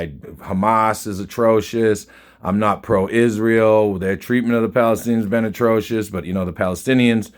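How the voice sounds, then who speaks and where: Man ranting emphatically, profane and dismissive. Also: on the low side. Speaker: concertgoer recounting a show. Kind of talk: casual spoken rant.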